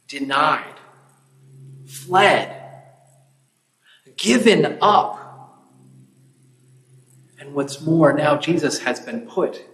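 A man preaching a sermon slowly and deliberately, with pauses, in a church sanctuary. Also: medium pitch, a bit bright. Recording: roomy, reverberant church hall.

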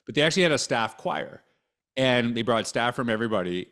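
A man hosting an interview podcast, talking in an enthusiastic, animated way with frequent restarts. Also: medium pitch, a little fast. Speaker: podcast host. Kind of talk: casual interview chat.

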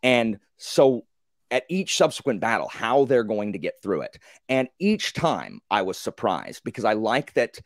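A man's voice: fairly low pitch, unhurried, no room sound. Guy geeking out over a fantasy book, voice jumps all over, super dry mic, lots of "like". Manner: animated storytelling, acts out reactions with lots of "like". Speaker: book discussion guest. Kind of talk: casual group book discussion.

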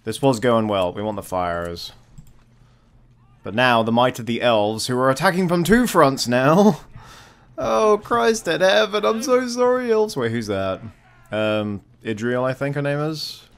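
A man at a middle pitch gives loose, excitable let's-play commentary over a strategy game. He swears freely and breaks into sudden exclamations between stretches of chatty play-by-play. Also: unhurried, clean tone. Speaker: gameplay commentator.

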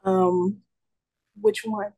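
A woman speaks plainly as a client in a casual conversation. She explains family details in a matter-of-fact, even way. Her voice sits at an ordinary middle pitch. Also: drawn-out words.

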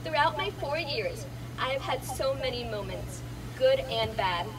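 A woman's voice: high-pitched, animated, unhurried, distant mic, background noise. A young woman in her late teens giving an earnest prepared graduation speech.

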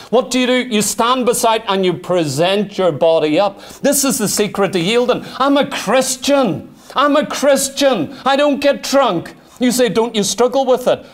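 A middle-aged man preaching a sermon, fervent, full of rhetorical questions and arguing aloud with himself. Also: sits high.

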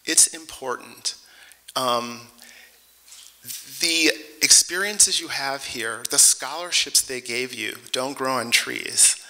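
A man's voice: medium pitch, slow, sharp tone, poor audio. A man from Detroit accepting an award, joking and heartfelt, speaking in a chatty way to a ceremony audience. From Detroit, United States. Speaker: award recipient. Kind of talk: acceptance speech.

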